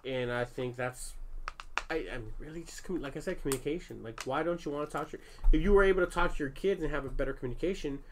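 Fast and a little high-pitched, this father in his thirties tells his family an openly profane, animated story on a laid-back podcast, full of swearing and fillers. There is a faint hiss or hum in the recording.

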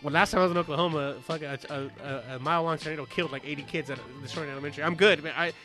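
Brief: fast-talking, slightly high Californian man, profane rambling storyteller, music underneath. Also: steady tone. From Southern California. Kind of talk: casual chat.

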